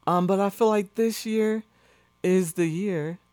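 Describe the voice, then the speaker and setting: A man in a casual studio chat, relaxed and blunt, pausing with fillers as he talks. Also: sits high, clear, resonant tone, dry recording.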